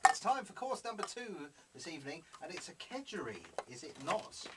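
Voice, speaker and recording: A man's voice: sits high, very animated, normal speed, recorded from a distance, very noisy. A man hosting a local radio cookery night, chatting casually and rambling with fillers while he eats. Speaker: radio host. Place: radio studio.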